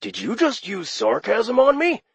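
A man voicing a friendly male demon phone operator with a raspy voice and chummy customer-service patter, in an audiobook. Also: very high-pitched, sing-song, measured pace, no room sound, pitched above the performer's own voice, full character voice. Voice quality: raspy, gravelly. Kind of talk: audiobook character voice.

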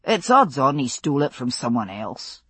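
A woman's voice: a bass voice, sing-song, normal speed, slightly rough, no room sound, voice pushed down, full character voice. Woman reader doing young man, firm and tender, dry close read. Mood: coaxing, firm. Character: young man, tender, stubborn, reassuring lover.

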